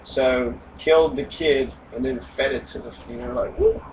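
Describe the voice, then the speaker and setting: A man's voice: mid-range voice, big pitch swings, normal speed, vocal fry. A man casually retelling a fairy tale for comedy, rambling, swearing and cracking jokes. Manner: profane, wisecracking, rambling with fillers. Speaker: podcast host retelling fairy tales. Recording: distant mic, dull lo-fi sound, faint noise.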